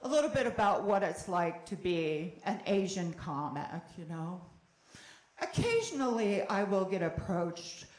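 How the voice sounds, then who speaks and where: A middle-aged woman doing a stand-up comedy set, animated, with sudden shouted bursts and wry asides. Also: fairly low pitch, unhurried, roomy sound. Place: comedy club.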